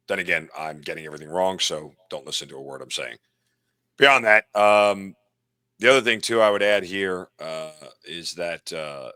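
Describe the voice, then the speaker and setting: A man's voice: low voice, pushed and bright, no echo, studio quality. A man talking sports betting as an analyst, blunt and self-deprecating, working through stats. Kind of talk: casual sports betting talk.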